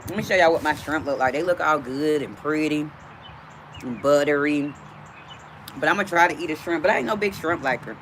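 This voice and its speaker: A woman's voice: sits low, brisk, a bit bright, slight background noise. A woman hosting a casual livestream from outdoors, chatting directly with her viewers. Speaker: livestream host.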